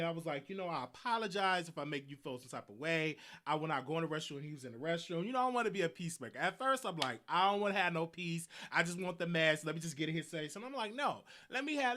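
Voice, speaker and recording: Hosting a live show, this Southern US man has a slightly high voice. His story wanders as he tells it casually and energetically, going over the same points and laughing a lot.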